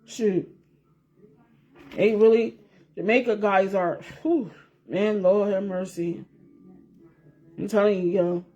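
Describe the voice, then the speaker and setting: A woman's voice: mid-range voice, fairly even intonation, takes it slowly, long pauses, dark tone, dull audio. A woman vlogger chatting casually to her viewers, rambling and repeating herself, swearing freely and laughing as she talks. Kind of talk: casual chat to camera.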